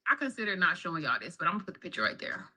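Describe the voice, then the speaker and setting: A woman's voice: lowish voice, very animated, rapid-fire, bright, forceful tone, slightly rough. A woman telling viewers about a bad braiding job, worked up and speaking straight to them. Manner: worked up, addresses viewers as y'all. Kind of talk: storytime vlog complaint.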